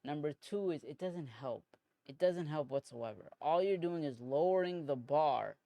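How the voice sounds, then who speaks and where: A man's voice: on the high side, moderate pace, vocal fry, dry recording. A man in his twenties hosting a solo podcast, talking casually in a rambling, profane way and often saying "bro". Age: 20s. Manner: rambling, profane, animated, says "bro" a lot. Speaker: podcast host.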